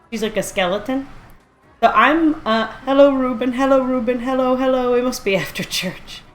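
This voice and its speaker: A woman's voice: a little high, fairly bright tone. A woman streaming a video game live, chatting casually and rambling as she reacts aloud to what she sees. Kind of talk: casual live-stream chat while playing.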